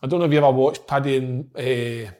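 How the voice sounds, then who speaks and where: Fast-talking Scottish man telling stories. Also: mid-range voice, fairly even intonation, darkish tone. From Scotland. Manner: sweary, storytelling, laughs often. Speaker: former footballer, podcast co-host. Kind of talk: casual chat.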